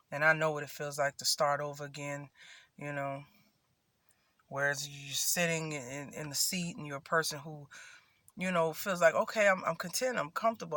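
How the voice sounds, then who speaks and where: A man talks casually to his viewers in a high-pitched voice. He sounds sassy and chatty, and he calls himself by a nickname in the third person. The sound is very dry and close, with hardly any room around it. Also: pushed and bright, no echo. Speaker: vlogger. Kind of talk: casual chat to camera. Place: at home in Florida.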